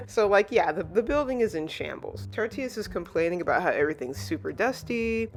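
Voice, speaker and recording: A manga reviewer casually recapping a chapter, rambling and filling every pause with "like". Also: mid-range voice. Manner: rambling, heavy use of "like", animated retelling.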